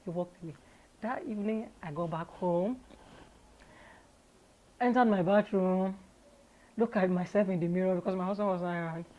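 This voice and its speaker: A Nigerian woman, an interview guest, telling her own story in a candid, lively way and laughing often. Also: fairly low pitch, normal speed, pauses often, muffled recording.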